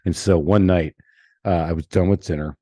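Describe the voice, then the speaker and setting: A man's voice: low voice, steady tone, moderate pace, dark tone, breathy edge, no echo, studio quality. A man with a Southern US accent hosting a podcast, telling stories in a chatty way and laughing often. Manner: chatty storyteller, laughs often, lots of restarts. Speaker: podcast host. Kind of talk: casual chat.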